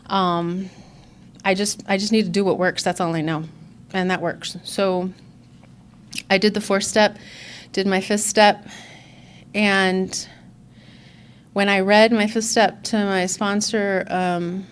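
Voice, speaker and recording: A woman's voice: mid-range voice, flat delivery, slow, long pauses, slight background noise. A woman from the Chicago area, giving a candid personal testimony as a conference speaker and acting out remembered conversations. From Chicago area, USA. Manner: earnest and candid, acts out quoted dialogue. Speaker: conference speaker sharing her recovery story.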